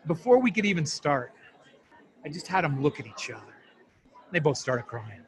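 A man speaks in a slightly high voice, earnest and heartfelt, as he tells a story from his work with families dealing with addiction. His talk is interview storytelling. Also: sing-song, normal speed. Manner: earnest, heartfelt, moved to emotion. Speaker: family addiction program counselor.

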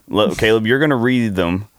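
Low-voiced man hosting a movie chat. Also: a little slow. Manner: relaxed, teasing, guides the talk. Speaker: podcast host. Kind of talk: casual chat.

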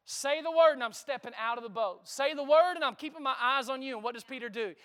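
A man preaches with a very high, bright voice. His sound is smooth and clear, and he talks in a lively, conversational way. He calls out for the congregation to answer him. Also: quick pace. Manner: lively preaching with call-and-response asides. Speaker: pastor. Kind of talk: sermon.

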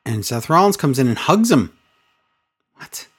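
A woman's voice: a bass voice, very animated, measured pace, breathy edge. A woman co-hosting a casual recap podcast, telling the story with sarcastic exasperation and mocking impressions. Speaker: wrestling recap podcast co-host.

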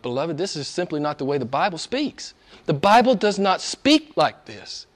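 A pastor preaching a sermon to his congregation, impassioned and repeating key phrases, swinging between soft and loud emphasis. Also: a little high, expressive, moderate pace.

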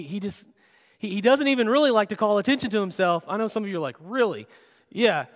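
Pastor, man, 30s; high voice, chatty self-deprecating storyteller; reverberant sanctuary. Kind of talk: sermon. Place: church sanctuary. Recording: long church hall reverb.

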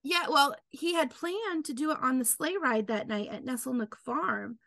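A woman in her thirties tells stories in a bright, high-set voice with a gravelly rasp at the edges. She is animated and acts out every quoted line. The recording is close and dry. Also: normal speed, no echo. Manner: animated, acts out quotes with big pitch jumps. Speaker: author guest. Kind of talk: casual storytelling chat.

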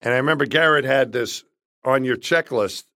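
A man's voice: mid-range voice, moderate pace, pushed and bright, no echo, clean studio sound. A male host asking a guest questions in a casual interview, rambling a little as he works toward each question.

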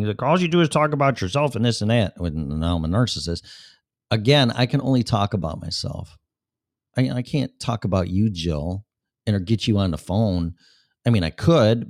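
Deep-voiced, blunt male show host. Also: darkish tone, dry recording, clean studio sound. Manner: blunt, profane, talks straight to a listener. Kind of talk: casual talk to listeners.

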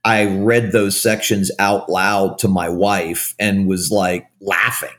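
A man's voice: low voice, little pitch movement, takes it slowly, a bit bright. A man speaking as a guest author in an interview, frank and self-deprecating, often restarting his sentences. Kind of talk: candid conversational interview.

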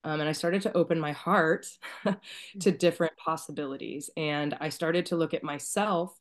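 A woman with a low-pitched voice shares a deeply personal story as a guest. She speaks softly and emotionally, at times near tears, and her phrases trail off into quiet murmurs. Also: steady tone, normal speed. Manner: soft-spoken, tearful at times, trailing off quietly. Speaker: podcast guest.

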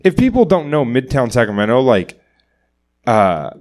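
Man, average pitch, podcast co-host, rambling storyteller, swears a lot, many fillers. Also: sing-song, moderate pace, darkish tone. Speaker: podcast co-host and stand-up comic. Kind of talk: casual chat.

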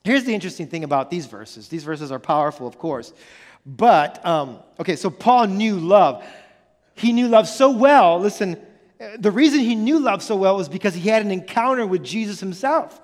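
A man in his thirties preaching a sermon as pastor, animated and conversational, full of rhetorical questions. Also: sits high, normal speed. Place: church sanctuary. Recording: church hall with long reverb.

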